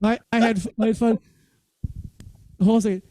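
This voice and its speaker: A man's voice: high voice, steady tone, a little fast, dark tone, dry recording, poor audio. A man who is a stand-up comedian, telling rambling, self-deprecating stories in a casual chat over a video call.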